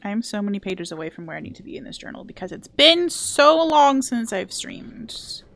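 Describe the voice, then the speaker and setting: This is casual live-stream chatter from a young woman playing a game, who reads chat aloud and answers in a playful way. Her medium-pitched voice has a sing-song lilt, a gravelly texture and a fairly bright tone, at a moderate pace.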